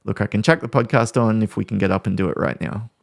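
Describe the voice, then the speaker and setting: A man hosting a podcast, calmly explaining ways to handle conflict with examples from family life. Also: fairly low pitch, quick pace, creaky, no echo, studio quality. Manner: calm, explanatory, talks through examples. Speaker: podcast host. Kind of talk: podcast talk on parenting conflict.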